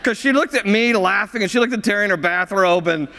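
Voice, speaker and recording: A man's voice: high-pitched, fast, pushed and bright. A male pastor preaching a sermon, a jovial storyteller who often laughs at his own stories. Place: church sanctuary. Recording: reverberant church hall.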